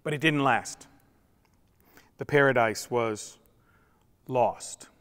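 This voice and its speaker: A man's voice: medium pitch, slow, a bit bright. A male pastor giving a sermon, telling the story with humor and acting out voices. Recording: long reverb in a church hall.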